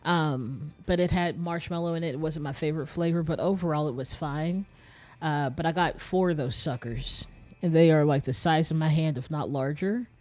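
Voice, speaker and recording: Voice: medium pitch, moderate pace, darkish tone. Young streamer rambling to chat between game bits, kinda tired, bit out of breath. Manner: rambling, talks straight to chat. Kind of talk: casual live-stream chat while playing a game.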